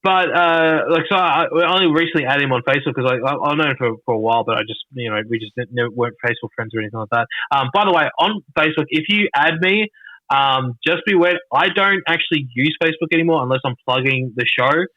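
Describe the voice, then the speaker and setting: Australian man, guest, rambling storyteller; raised pitch, dry close audio. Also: sharp tone, no echo. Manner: rambling, halting restarts, frequent swearing. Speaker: podcast guest. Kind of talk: casual storytelling. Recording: dull lo-fi dry sound.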